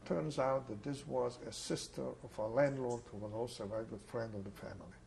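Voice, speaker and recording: An older man from Czechoslovakia giving oral history testimony, telling his story in an unhurried, plain way with pauses. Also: mid-range voice, creaky, darkish tone, a little hiss or hum, rough recording. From Ungvar, Czechoslovakia. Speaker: Holocaust survivor interviewee.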